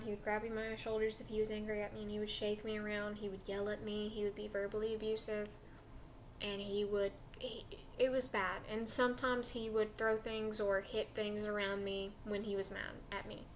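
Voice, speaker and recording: A woman's voice: mid-range voice, level tone, normal speed, a little hiss or hum. A young woman casually telling a personal story in a chatty, emotional way with lots of fillers.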